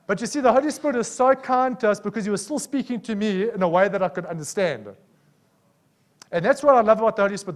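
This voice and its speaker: A man preaching with a South African accent, his voice sitting fairly high. He tells stories from his own life and keeps checking in with the congregation as he goes. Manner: animated, personal storytelling with frequent "Amen?" calls. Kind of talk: sermon.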